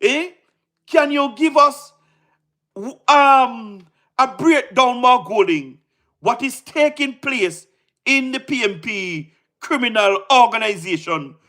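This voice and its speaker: A man with a Jamaican accent doing casual livestream commentary, excitable, repeating himself and firing rhetorical questions with frequent laughs. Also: very high-pitched, slow.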